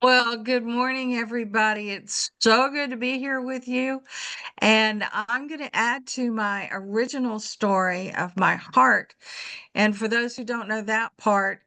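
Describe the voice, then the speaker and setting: A woman's voice: on the high side, steady tone, unhurried, pushed and bright. A woman on a video call earnestly telling a personal story as a webinar participant. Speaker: webinar participant sharing a testimonial.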